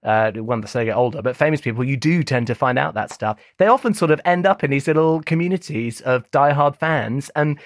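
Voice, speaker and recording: Animated guy on a podcast, mid voice, dry close sound. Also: medium pitch, a little fast, few pauses, dry recording. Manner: animated, enthusiastic, laughs often. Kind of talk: casual chat.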